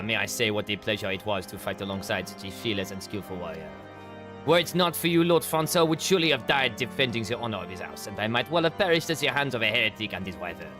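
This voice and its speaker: A man's voice: on the low side, close to an everyday voice. A man voicing a gracious noble knight lord with a put-on French accent, speaking in formal, courtly phrases.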